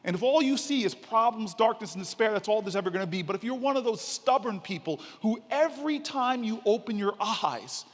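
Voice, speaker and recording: A man's voice: high voice, lively intonation, brisk, few pauses. A man voicing a stern, wise elderly woman tenant leader lecturing firmly. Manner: firm, lecturing. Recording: reverberant hall.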